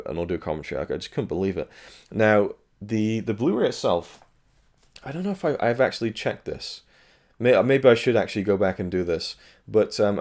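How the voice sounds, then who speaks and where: A man with a low, slightly mellow voice hosts his own channel, where he gives a spoken review of a new film release. He's frank and chatty, dropping fillers and blunt remarks as he goes.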